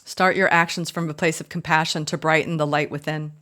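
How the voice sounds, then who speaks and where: A woman's voice: deep voice, level tone, fairly quick. A woman giving a spiritual tarot reading, effusive and choked up, calling her viewers y'all. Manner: warm, effusive, emotional, addresses viewers as y'all. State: choked up, tearful. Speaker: tarot reader.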